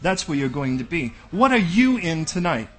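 A man's voice: on the high side, very animated, normal speed, fairly bright tone, soft background music. A man preaching a sermon as pastor, bold and direct, often acting out back-and-forth dialogues.

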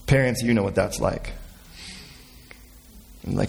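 A man preaching a sermon in an animated way, explaining the meanings of old words and acting out voices from the scripture story. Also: on the low side, unhurried, gravelly, pauses often. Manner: explains word meanings from the original language. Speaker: pastor.

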